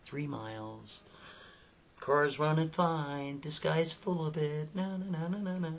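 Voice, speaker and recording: A nervous stranded Southern woman frets and mutters to herself in a husky, hushed storybook voice, as a male storyteller puts her on. Her voice stays soft and breathy. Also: a little high, slow, exaggerated voice. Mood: anxious. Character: worried stranded Southern woman, middle-aged.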